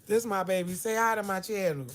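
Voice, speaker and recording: A woman's voice: mid-range voice, fairly quick. A middle-aged woman, talking candidly and emotionally to her live-stream viewers in a corner store. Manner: candid, emotional, talks to chat and shop staff. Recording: noisy store with traffic.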